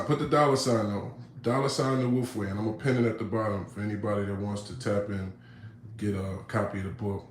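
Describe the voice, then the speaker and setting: A man's voice: lowish voice, a little mellow. Laid-back streetwise man streaming live. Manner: laid-back, streetwise, full of "you know what I'm saying". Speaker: livestream host. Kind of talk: casual livestream chat with viewers. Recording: roomy, light background noise.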